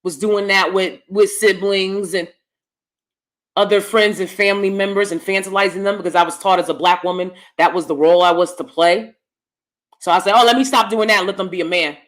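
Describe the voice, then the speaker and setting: A woman's voice: fairly even intonation, a little fast. A middle-aged woman hosting her own channel, talking bluntly and lecturing in a casual monologue to the camera. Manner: blunt, lecturing, switches between low asides and emphatic bursts. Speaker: YouTube commentary host.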